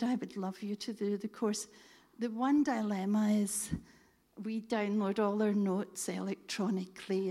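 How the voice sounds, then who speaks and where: A middle-aged woman telling a lively faith story to a church audience, acting out the dialogue. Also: mid-range voice. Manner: lively, animated storytelling, quoting others in dialogue. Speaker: speaker telling a testimony.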